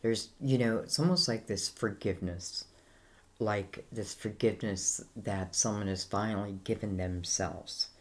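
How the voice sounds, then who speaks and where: A woman's voice: a bass voice, measured pace. An Irish woman giving a casual, rambling tarot reading, full of fillers like "you know" and "I feel like". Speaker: tarot reader.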